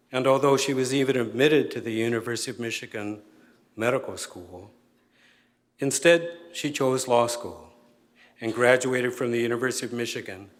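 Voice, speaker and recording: A man presenting an award, giving a formal prepared introduction in a measured, read-aloud manner. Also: medium pitch, long reverb tail. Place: event hall.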